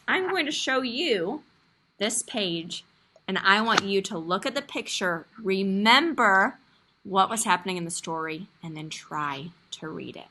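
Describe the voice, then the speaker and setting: A woman teacher leading a young class over a video call, encouraging and expressive as she reads a story aloud. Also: mid-range voice, unhurried, slight background noise. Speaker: kindergarten teacher. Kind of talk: online class lesson.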